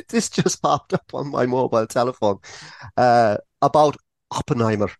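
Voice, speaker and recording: A man co-hosting a podcast in casual chat, laughing often and telling jokes with animated delivery. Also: medium pitch, moderate pace, vocal fry, dry recording. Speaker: podcast co-host.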